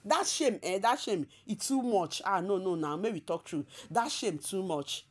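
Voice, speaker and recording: Animated Nigerian woman gossiping. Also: medium pitch, moderate pace. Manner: emphatic and repetitive, often laughing. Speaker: celebrity gossip vlogger. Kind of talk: casual gossip commentary.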